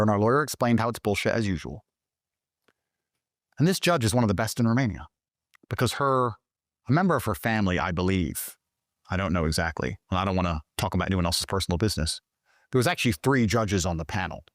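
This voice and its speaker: A man telling a story as an interview guest, swearing constantly and talking with animated, emphatic energy, his voice jumping higher when he gets excited. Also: fast talker, dry recording, clean studio sound. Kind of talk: profane storytelling in conversation.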